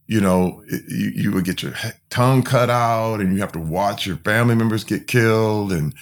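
A man's voice: fairly low pitch, moderate pace. A man from Flint, Michigan, speaking as a podcast guest, telling his own story candidly and emphatically, full of fillers and restarts. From Flint, Michigan, USA.

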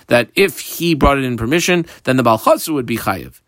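A man's voice: mid-range voice, lively intonation, fairly quick, a bit bright, dry recording, clean studio sound. A man teaching a daily Talmud class, reading Aramaic text aloud and translating it as he goes, with frequent fillers, while describing the underlines and marks on his page. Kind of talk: daf yomi Talmud class.

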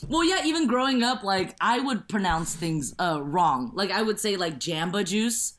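Female comedian guest, mid-pitched, chatty, quick to laugh. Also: expressive, fairly bright tone, slight background noise. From Southern California. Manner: playful, laughs often, chatty. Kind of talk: casual podcast interview.

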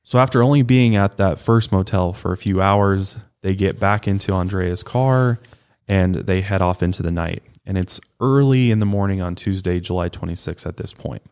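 Deep-voiced man telling a crime story. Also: normal speed, a little mellow, clean tone. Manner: conversational, loose, swears casually. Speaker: podcast co-host. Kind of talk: casual true-crime storytelling.

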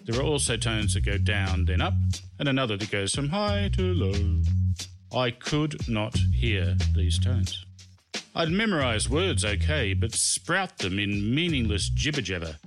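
A middle-aged man narrates his own comic memoir in a lowish voice. His delivery bounces through a wide, lively pitch range, and his humour is dry and self-mocking. Music plays clearly beneath the reading. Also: measured pace. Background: background music.

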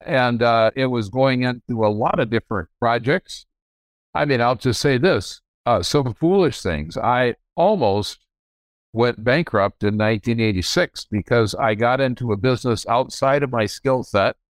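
A man's voice: mid-range voice, moderate pace, no room sound. An older man guests on a podcast and tells stories from his family business in a frank, meandering way, often correcting himself mid-sentence. The recording is dry and close, with no room sound. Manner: rambling, self-correcting, frank. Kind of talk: candid storytelling.

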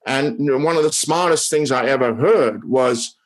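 A man, a tennis coach and podcast guest, talking earnestly about mindset in a relaxed podcast chat, repeating words and giving everyday examples. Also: mid-range voice, moderate pace.

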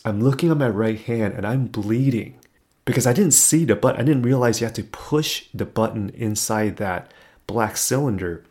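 Man telling a lively personal story. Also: lowish voice. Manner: animated, drops to a hush for tense moments. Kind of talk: casual storytelling.

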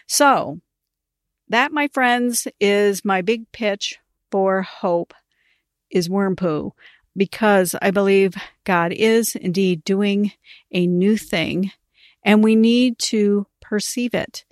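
A middle-aged woman hosting a ministry podcast, telling a story in a casual, animated way and laughing as she talks. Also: medium pitch, slow pace, dry recording, studio quality. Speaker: podcast host, ministry coach.

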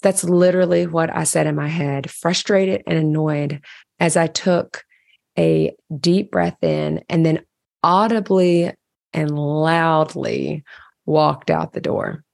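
A woman's voice: sits low, steady tone, takes it slowly, gravelly, darkish tone, dry recording, studio quality. A woman candidly narrating a personal diary entry, reflective and storytelling. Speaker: caregiver sharing a diary entry.

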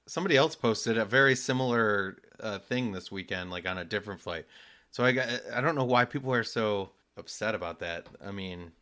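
A man with a low voice and a bright, forceful tone chats on a podcast. His banter is dry and dismissive. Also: brisk. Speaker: podcast co-host. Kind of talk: casual chat.

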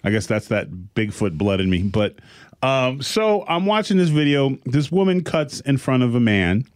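A man's voice: medium pitch, moderate pace, clear, resonant tone. A man in casual podcast chat, telling stories animatedly and acting out the people in them. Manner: animated storyteller, acts out quotes.

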